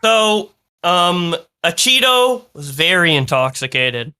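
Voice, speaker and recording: Bright-voiced man telling a story. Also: sits high, sing-song, takes it slowly, clear, resonant tone. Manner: storytelling with quoted voices, hesitant fillers. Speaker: podcast co-host. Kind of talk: casual chat.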